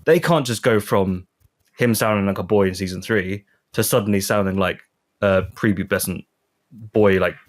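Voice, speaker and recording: A man's voice: lowish voice, moderate pace. A man co-hosting a podcast, chatting casually and playfully, with the odd joke voice. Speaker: podcast co-host. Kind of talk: casual chat.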